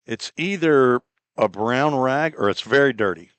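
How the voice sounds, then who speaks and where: A man doing relaxed, chatty play-by-play commentary on a baseball game, with easygoing asides between pitches. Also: a little slow, clean tone, no echo. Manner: relaxed, chatty, laughs at own slips. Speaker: play-by-play announcer.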